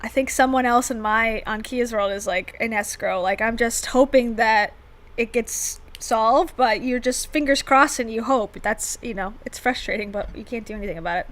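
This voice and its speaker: A woman co-hosting a casual livestream chat. Her voice is bright and pitched a bit high. She jokes around and laughs easily. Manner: playful, jokey, quick to laugh. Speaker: livestream co-host. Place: home.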